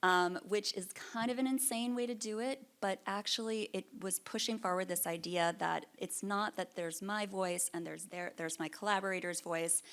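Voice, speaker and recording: A woman's voice: lowish voice, a bit bright. A middle-aged woman curator giving a reflective conference keynote, earnest and thoughtful, with frequent ums and small restarts. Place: lecture stage at an art fair.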